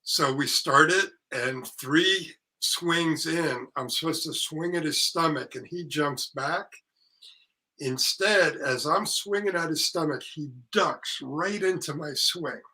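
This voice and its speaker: An older man, an actor and author, telling anecdotes in casual conversation, lively and salty, acting out what others said. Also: fairly high pitch, takes it slowly, poor audio. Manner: lively storyteller, salty language, acts out quotes. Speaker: actor and author, podcast guest.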